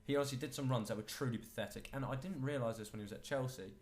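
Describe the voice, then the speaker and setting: A man's voice: mid-range voice, rapid-fire. A man co-hosting a casual football podcast, opinionated and enthusiastic about players. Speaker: podcast co-host.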